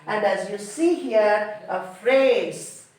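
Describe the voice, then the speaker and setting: A woman's voice: mid-range voice, slow, a little mellow. A woman teaching a grammar lesson, explaining emphatically and acting out example sentences. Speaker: school English teacher. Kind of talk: recorded classroom lesson. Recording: very echoey room.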